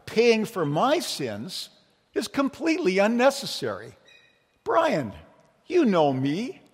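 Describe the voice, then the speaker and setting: A man voicing an indignant, self-assured immigrant woman hairstylist, raising his pitch and protesting emphatically. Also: slightly rough, full character voice. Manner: raised pitch, emphatic protesting delivery, no accent attempted. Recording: long church reverb.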